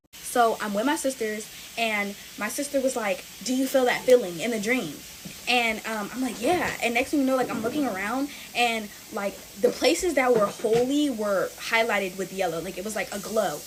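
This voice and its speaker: A woman's voice: mid-range voice, normal speed, slight background noise. A young woman telling a personal story in casual storytime chat, talking straight to her viewers. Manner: chatty, talks straight to viewers as y'all.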